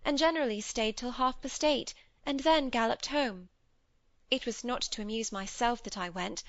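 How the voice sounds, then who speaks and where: A woman's voice: fairly high pitch, fairly bright tone, no room sound, lo-fi sound. A woman voicing an earnest, headstrong young girl in an audiobook, speaking in a pleading, confiding way. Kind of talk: audiobook character reading.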